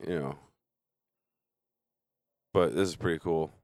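A man chatting casually with a friend about a TV show, making dry, wry, deadpan quips. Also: a bass voice, slow, no room sound. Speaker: podcast co-host. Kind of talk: casual chat reacting to a TV show.

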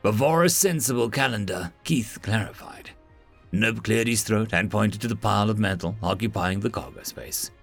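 Gravelly man narrating a comedic story. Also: fairly low pitch, fairly even intonation, normal speed. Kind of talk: scripted narration. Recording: dry close mic, faint music.

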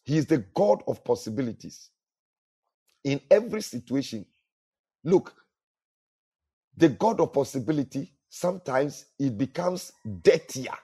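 Mellow-voiced man preaching a sermon. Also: fairly high pitch, slightly rough. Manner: earnest preaching with repetitions and restarts. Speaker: pastor.

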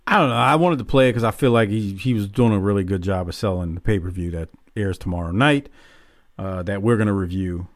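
A man hosting a casual wrestling recap podcast, joking and relaxed, on a podcast mic. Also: on the low side, brisk, no echo. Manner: casual, lively, joking, swears. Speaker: podcast host.

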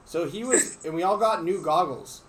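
A man hosting a sports podcast, telling a lively story and acting out his teammates' lines. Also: sits high, normal speed, a little hiss or hum. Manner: animated, acts out teammates' lines. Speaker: podcast host and player. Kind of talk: casual storytelling.

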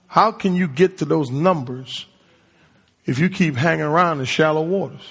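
Man preaching in an echoey church, high voice, slow and husky, throws questions at the crowd. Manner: call-and-response preaching, quizzing the congregation. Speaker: pastor. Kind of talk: sermon. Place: church sanctuary. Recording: long hall reverb.

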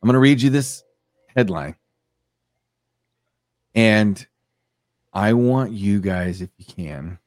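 A man's voice: on the low side, expressive, takes it slowly, long pauses, darkish tone, no echo, soft background music. A man hosting a casual podcast, reading news aloud with a sardonic edge. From United States. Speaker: podcast host.

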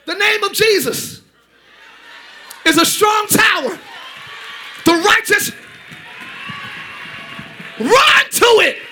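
A man preaching a lively sermon as pastor, often shouting and joking with the congregation. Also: very high voice, slow, pauses often, a little hiss or hum. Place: church sanctuary.

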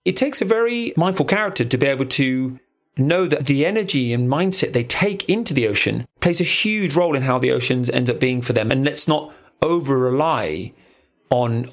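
A man co-hosting a podcast in a studio, a relationship coach who talks in an animated, playful and crude storytelling way. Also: on the high side, fairly quick. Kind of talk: casual podcast chat. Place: recording studio.

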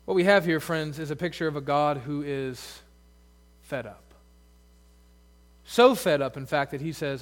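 A man's voice: a little high, expressive, moderate pace. A male pastor preaching a sermon in a conversational way, full of asides and rhetorical questions.

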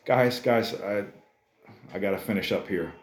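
A man preaching a sermon to a congregation in a conversational, animated way, often calling the listeners "guys". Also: on the low side, a little slow, echoey room. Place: church service.

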